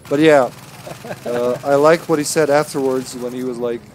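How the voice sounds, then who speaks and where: A man's voice: mid-range voice, fairly even intonation, moderate pace, darkish tone, slight background noise. A man with a Russian accent streaming a co-op video game, chatting casually and cracking jokes with his teammate. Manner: joking, playful banter. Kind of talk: casual co-op gaming chat.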